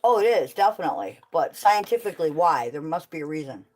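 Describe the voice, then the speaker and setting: A woman's voice: sits low, sing-song, quick pace, darkish tone. A woman chatting frankly while doing farm chores, tired and swearing casually. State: tired, with back pain. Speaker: kennel owner doing chores.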